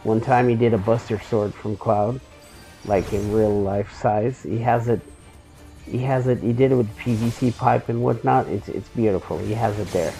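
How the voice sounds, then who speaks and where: A man's voice: fairly low pitch, fairly even intonation, normal speed, creaky, dark tone, soft background music, low-quality recording. A man streaming a game, telling a long rambling story in casual chat. He swears freely and often restarts his sentences.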